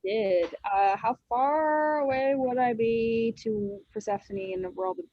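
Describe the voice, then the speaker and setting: Female player, high voice, hesitant questions, recorded dull and dry. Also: unhurried, dry recording. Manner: asks rules questions, hesitant. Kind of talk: casual tabletop play.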